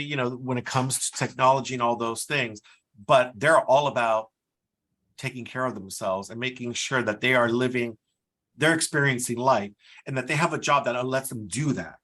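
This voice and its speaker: Middle-aged male guest, bright and forceful, animated storyteller. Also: mid-range voice, normal speed. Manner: animated storyteller, mimics voices in quotes. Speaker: guest, career services dean. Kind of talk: conversational interview.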